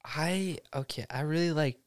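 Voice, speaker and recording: A man's voice: fairly high pitch, moderate pace, no echo, studio quality. A young man, a guest on a casual chat, who rambles and fills gaps with "um" and "like". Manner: rambling with many fillers.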